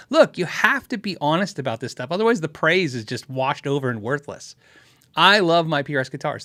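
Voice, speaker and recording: A man's voice: a little high, sharp tone, no room sound, clean studio sound. A man hosting a podcast, answering viewer questions in a frank, chatty way and laughing often. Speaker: podcast host. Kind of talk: casual live Q&A on guitars.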